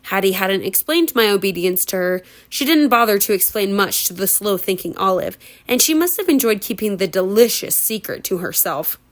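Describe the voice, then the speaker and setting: A woman's voice: medium pitch, animated, moderate pace, hardly any pauses. A woman reading a novel aloud at home as a homemade audiobook, breaking into giggly, chatty asides. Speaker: reader.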